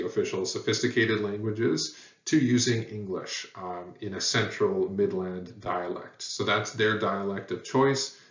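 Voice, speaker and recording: A man giving a recorded lecture, relaxed and thinking aloud with many fillers. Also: fairly low pitch. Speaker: teacher. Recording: echoey room heard from far, dull sound.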